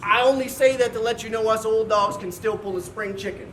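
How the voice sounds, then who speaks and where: A man delivering brash battle rap verses, shouting punchlines at a live event. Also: high-pitched, fairly quick, a little hiss or hum. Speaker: battle rapper. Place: large hall at a live event. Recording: echoey live hall with crowd. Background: loud cheering crowd.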